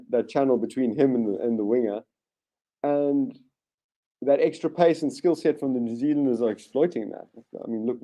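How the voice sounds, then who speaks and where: A man hosting a live rugby watchalong, giving excitable play-by-play commentary with sudden bursts of enthusiasm and frequent restarts. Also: medium pitch. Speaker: watchalong host.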